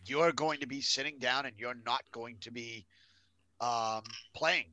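A man's voice: mid-range voice, a little slow, sharp tone, poor audio. A man hosting a casual sports talk show, blunt and profane, often laughing along. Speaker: podcast host.

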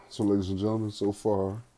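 A man's voice: on the low side, mellow, a little hiss or hum. A man reading a book chapter aloud and breaking off into casual, slangy commentary for his listeners. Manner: casual, slangy asides between read passages.

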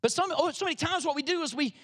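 A man's voice: very high voice, very fast, a bit bright. A man preaching a sermon to his congregation, reading scripture and calling on listeners to respond. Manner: preaching with rising emphasis, calls on the congregation. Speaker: pastor.

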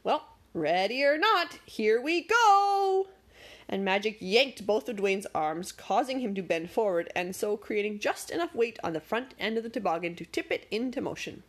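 A woman narrating a storybook with expressive, dramatic pacing. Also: medium pitch, a little fast, hardly any pauses.

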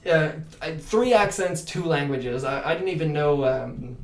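Animated French-speaking Canadian man. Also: fairly high pitch, unhurried. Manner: animated, many restarts and fillers. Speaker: actor and podcast guest. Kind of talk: casual interview chat. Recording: echoey room.

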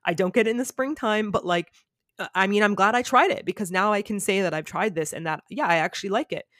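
An animated woman chatting as a podcast guest. She tells stories freely and leans on "like" as she talks. Her voice sits at a middle pitch and sounds close and dry, with no room around it. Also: fast talker, dry recording. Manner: animated storyteller, says "like" a lot. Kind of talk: casual chat.

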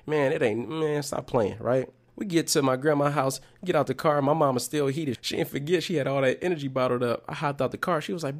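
A man telling a personal childhood story to viewers in a casual, slangy, animated way, drawing a life lesson from it. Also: medium pitch, fairly quick, hardly any pauses. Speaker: motivational speaker.

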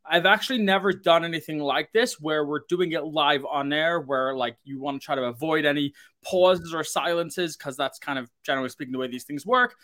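Guy hosting a live podcast, kinda high voice, upbeat and rambly. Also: a little fast. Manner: energetic, talkative, many fillers. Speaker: podcast host.

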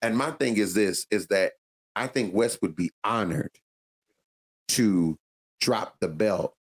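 A man's voice: lowish voice, slow pace. A man co-hosting a podcast, telling a wrestling story in slangy casual chat, laughing often. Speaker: podcast co-host.

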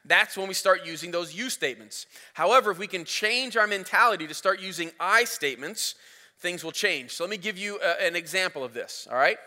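Bright-voiced male pastor in a hall. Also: sits high, fairly quick. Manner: animated storytelling with rising volume. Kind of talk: sermon. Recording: reverberant hall.

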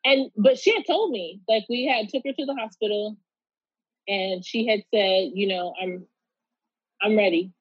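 A woman's voice: medium pitch, normal speed, slightly rough, no room sound, dull audio. A woman guest in a casual interview, telling a personal story in a loose, candid way with many fillers and restarts.

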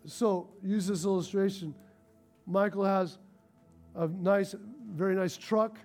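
A male pastor preaching a sermon, telling stories with animated, rising excitement. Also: high voice, slow pace, faint music behind.

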